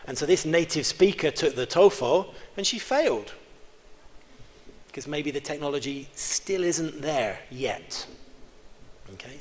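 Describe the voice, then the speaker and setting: A man giving an interactive keynote lecture in a large conference hall, joking and quizzing the audience with quick questions. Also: fairly high pitch. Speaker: keynote speaker. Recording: reverberant hall with faint background hum.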